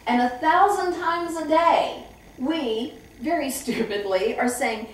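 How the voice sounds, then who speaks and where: A middle-aged woman who trains staff at a memory care home, telling lively stories and acting out the voices of people she quotes. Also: a little high, a little slow, a little hiss or hum. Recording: echoey room, far from the mic.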